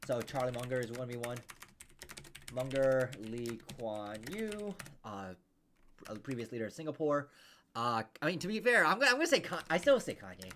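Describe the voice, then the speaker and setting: A man's voice: mid-range voice, sing-song, brisk, bright, forceful tone, a little hiss or hum. A man coaching over a video call, rambling casually with many restarts and fillers. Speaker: interview coach.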